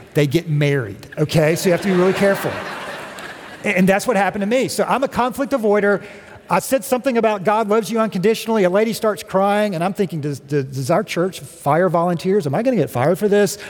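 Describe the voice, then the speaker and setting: A male guest speaker with a high voice tells stories in a church sanctuary, his sermon conversational and laced with humor. The recording carries the long reverb of a large hall.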